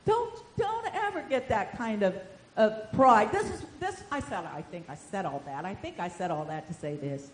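A woman's voice: mid-range voice, huge pitch swings, normal speed, some chatter behind, slight background noise. Fervent woman preacher in an echoey room. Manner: fervent, storytelling, swings from shouting to hushed. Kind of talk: sermon.

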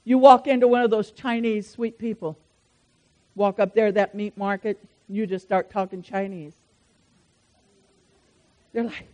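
A woman preacher, delivering a fervent sermon that swings between loud declarations and soft asides. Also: mid-range voice, steady tone, a little slow, pauses often. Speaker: pastor.

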